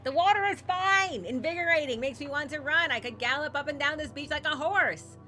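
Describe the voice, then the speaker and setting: A woman voicing an excitable man who yells with delight from the water. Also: extremely high pitch, brisk, faint music behind, pitched above the performer's own voice, exaggerated voice. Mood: gleeful. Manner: loud, gleeful yelling.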